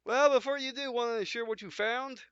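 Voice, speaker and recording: A man voicing a calm, direct male starship captain, reading game dialogue. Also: extremely high pitch, a little fast, clear, resonant tone, no room sound, voice pushed up. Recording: dull lo-fi dry recording.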